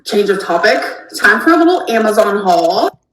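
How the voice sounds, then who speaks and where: A woman's voice: medium pitch, big pitch swings, moderate pace, a crowd in the background. Chatty female vlogger in an echoey room. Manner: chatty, rambling product talk. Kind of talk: casual vlog chat. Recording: roomy with faint noise.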